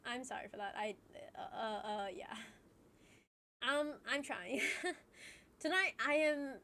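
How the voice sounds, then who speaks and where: A woman's voice: high voice, expressive, slow pace, bright, forceful tone, slight background noise. A woman streamer chatting casually with her viewers while crying, laughing through her tears, apologizing and restarting her sentences. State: tearful, crying while talking.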